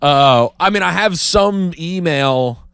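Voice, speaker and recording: A man co-hosting a comedy podcast, telling stories in an animated, jokey casual-chat way on a close mic. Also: on the high side, gravelly, clean tone. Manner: animated storyteller, quick jokey riffs. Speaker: podcast co-host.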